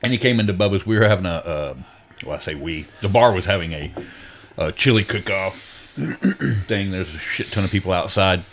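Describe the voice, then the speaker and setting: Guy, lowish voice, rambles and restarts a lot, laid back podcast chat. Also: animated, slight background noise. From Texas. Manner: rambling, halting storyteller with many restarts. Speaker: podcast co-host. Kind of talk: casual chat.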